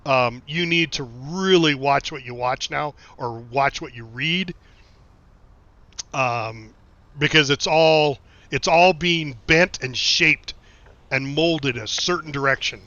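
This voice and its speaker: A man's voice: fairly high pitch, slow, sharp tone, no room sound. A middle-aged man from the United States, a game streamer who tells rambling, swear-laced anecdotes and reads chat in a casual live-stream chat. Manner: rambling anecdotes, frequent swearing and laughing asides. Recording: dull lo-fi stream mic, dry.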